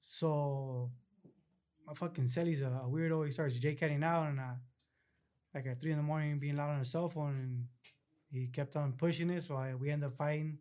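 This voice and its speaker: A man's voice: a little high, fairly even intonation, moderate pace, warm tone. Laid-back man telling prison stories. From Los Angeles area, California. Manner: laid-back street slang, retells scenes acting out other voices. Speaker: interview guest. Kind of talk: casual storytelling interview.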